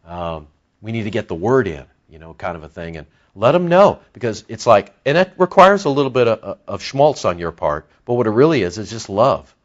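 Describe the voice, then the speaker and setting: A pastor preaches in a church, his voice swinging up and down with lively emphasis. He builds to loud peaks on key words and then sinks low and soft. The recording is dull and lo-fi. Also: a little fast. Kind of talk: sermon. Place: church sanctuary.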